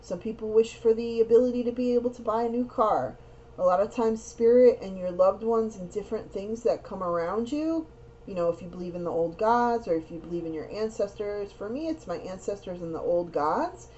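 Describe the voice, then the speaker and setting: A woman's voice: mid-range voice, lively intonation, fairly quick, mellow. A young woman giving a casual tarot card reading, talking earnestly and rambling, often repeating words and phrases. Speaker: tarot reader. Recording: dull lo-fi sound with faint noise.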